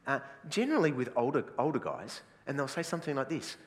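Lively, joking Australian pastor. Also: male voice, medium pitch, fast talker. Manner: jokey, self-deprecating, chatty. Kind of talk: sermon. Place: church hall with audience. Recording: reverberant church hall.

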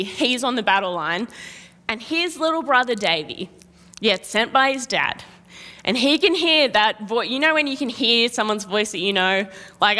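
A woman preaching a sermon, telling a Bible story in a lively way and acting out the quotes. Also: a little high. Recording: long reverb of a large hall.

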